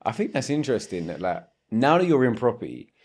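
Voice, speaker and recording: A man's voice: medium pitch, big pitch swings, fast talker, a little mellow, slightly rough. A man hosting a podcast interview, asking long, winding conversational questions. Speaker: podcast host.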